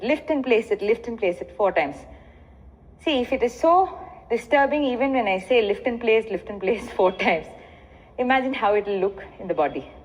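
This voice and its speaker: An Indian-accented woman teaching a dance lesson, explaining steps and chanting rhythmic dance syllables in between. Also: on the high side. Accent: Indian English. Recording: echoey hall, muffled lo-fi sound.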